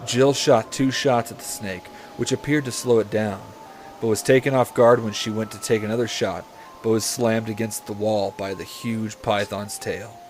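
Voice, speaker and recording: A man hosting a comedy podcast, reading a story aloud in a deadpan voice that he breaks with swearing and asides. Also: on the low side, normal speed, slight background noise. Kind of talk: comedic read-aloud with banter.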